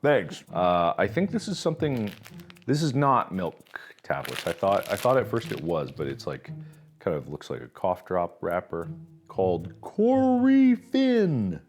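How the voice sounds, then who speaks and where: A man's voice: low-pitched, very animated, moderate pace, a little hiss or hum. A man in his thirties hosting a casual snack review, joking and rambling, sometimes talking with his mouth full. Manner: jokey, rambling, talks while chewing.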